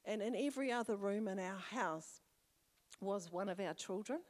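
A woman's voice: medium pitch, moderate pace. An older woman with a New Zealand accent, a church elder giving a sermon testimony, telling a personal story with fervent exclamations. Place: church hall. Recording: long reverb of a church hall.

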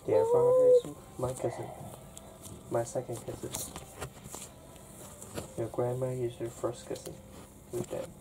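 A middle-aged woman, a parent filming off camera, chatting with her child in a lively, reassuring way. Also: a bass voice, unhurried, pauses often. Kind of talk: casual family chat. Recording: audible background noise.

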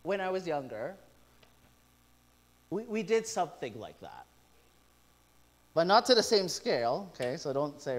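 A middle-aged male pastor preaching a sermon, telling stories with lively quoted asides. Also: high voice, normal speed, long pauses. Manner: animated storytelling with quoted asides.

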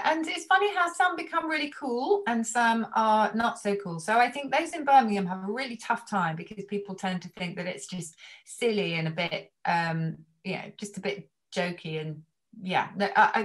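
Upbeat middle-aged woman explaining. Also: medium pitch. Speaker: guest language expert. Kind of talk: casual chat.

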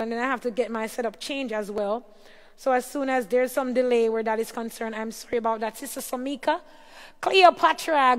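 A woman hosting a casual livestream, reading out viewers' names one by one, her voice a little tired. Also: high voice. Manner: reads out viewer names and greets them warmly one by one. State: voice tiring. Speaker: livestream host. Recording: long hall reverb.

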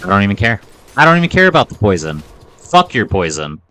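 A man commenting on his own video game run, voice swinging widely in pitch and bright in tone, lowish overall. He banters playfully at himself, with faint game music behind him. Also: very animated, fast, a little hiss or hum. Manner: playful, self-mocking banter. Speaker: gaming video host. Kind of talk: let's play commentary.

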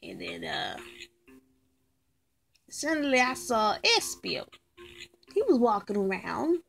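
A woman's voice: mid-range voice, sing-song, takes it slowly, gravelly, a bit bright, faint music behind, exaggerated voice. A woman voicing a laid-back male crocodile leader in a game let's-play, telling a rambling story full of restarts. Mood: reminiscing.

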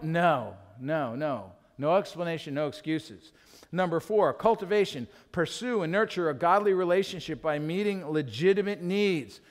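A man preaching a sermon as pastor, animated and acting out little scenes as he teaches. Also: fairly high pitch, moderate pace. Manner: animated, acts out quotes in other voices. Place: church. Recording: long reverb of a church hall.

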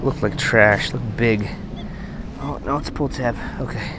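A man giving casual running commentary while metal detecting on a beach at night, chatting to his finds with excited bursts. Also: medium pitch, measured pace, very noisy. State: out of breath.

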